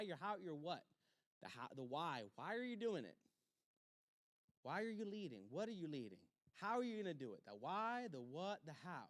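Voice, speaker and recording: A man, a pastor, teaching a church leadership class with short, repeated commands and quick acted-out exchanges. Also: high-pitched, no echo, clean studio sound.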